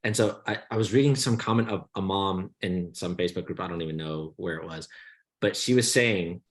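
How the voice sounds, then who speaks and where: A man's voice: sits low, fairly quick. A young man co-hosting a podcast, telling long rambling stories in casual chat and swearing freely as he mocks the people in them. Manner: rambling storytelling, swears freely, mocking quoted voices. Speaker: podcast co-host.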